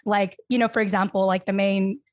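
A woman's voice: medium pitch, flat delivery, a little fast, dry recording. A woman hosting a podcast interview, asking questions in a chatty way full of "you know" and "like". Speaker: podcast host. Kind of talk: casual interview chat.

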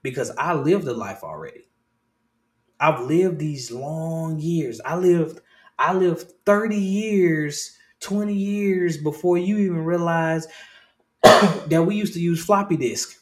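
A man in his thirties hosting a casual talk show. He swears freely, restarts and repeats phrases, and swings between low murmurs and loud excited bursts. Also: slow pace, echoey room. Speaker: podcast host.

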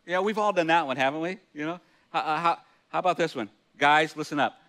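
A man's voice: a little high, brisk, fairly bright tone. A middle-aged man preaching a sermon as pastor, chatty and self-deprecating, laughing often and restarting his words. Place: church hall.

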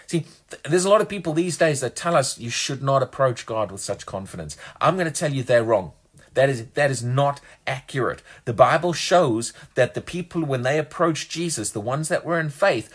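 Male preacher, husky tone, mid pitch, emphatic sermon delivery with frequent restarts. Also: animated, moderate pace, a bit bright. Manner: earnest, emphatic, often repeats words while restarting.

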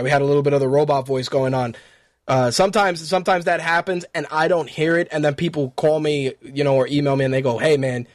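A man's voice: on the high side, no echo, studio quality. A man hosting an internet radio talk show in a casual, chatty way, with loose swearing and a run of fight news. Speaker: podcast host.

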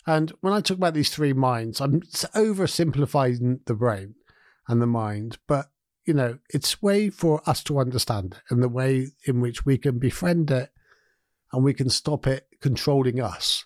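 Speaking at a normal speed, a man with a medium-pitched, slightly mellow voice hosts a podcast. The recording is dry and studio-clean. His explanation of ideas is casual and loose, with restarts and side remarks along the way.

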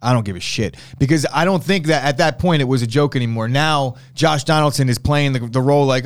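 A man on a sports talk show lays out his take in plain, casual terms. He is blunt and opinionated, and he does not shy away from a curse word when he is making his point. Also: medium pitch. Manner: opinionated, blunt, quick to swear.

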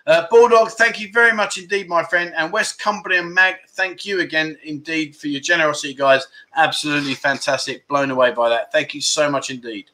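A man's voice: on the high side, fairly even intonation, a little fast, hardly any pauses, pushed and bright. A man hosting a casual livestream, chatty and jokey, bantering with viewers and reading out their comments in slangy, easygoing talk. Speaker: livestream host.

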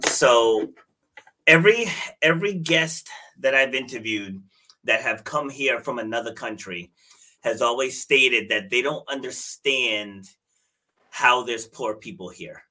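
A man's voice: medium pitch, measured pace, pushed and bright, low-quality recording. A man hosting an interview show, eagerly breaking in with long questions. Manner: eager, talks over the guest with questions. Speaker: podcast host. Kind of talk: conversational interviewing.

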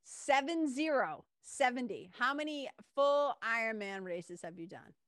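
Woman podcast host, bit high voice, dry close sound, animated storyteller. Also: measured pace, dry recording. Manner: lively storyteller, swears casually. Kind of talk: casual interview chat.

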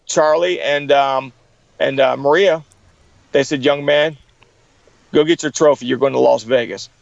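A man's voice: medium pitch, steady tone, a little slow, creaky, no echo, muffled recording. A middle-aged man in an interview, telling stories with energy and acting out the people he quotes. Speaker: guest. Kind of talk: storytelling in an interview.

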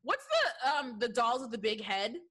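Bright, animated woman reviewing movies. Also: fairly high pitch, normal speed, a little hiss or hum. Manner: animated, laughs often, acts out movie lines. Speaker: podcast co-host. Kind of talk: casual movie review chat.

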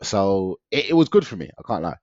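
A man's voice: low-pitched, sing-song, fairly quick, a little mellow, no room sound. A young man, telling his story in a casual interview, slangy and often laughing. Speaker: guest. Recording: dull lo-fi dry sound.

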